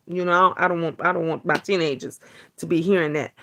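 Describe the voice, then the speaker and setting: A woman's voice: lowish voice, steady tone, a little fast, bright, forceful tone. A middle-aged woman hosting a casual livestream, chatting bluntly and profanely with viewers, restarting and repeating her words. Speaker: livestream host. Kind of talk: casual livestream chat reading viewer comments.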